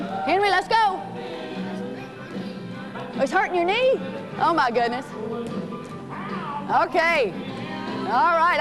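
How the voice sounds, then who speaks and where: A woman with a high, bright voice leads children through a workout, calling out encouragement and names. Faint music plays under her coaching. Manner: encouraging, calls out names and commands. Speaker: physical education teacher. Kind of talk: coaching a children's fitness class.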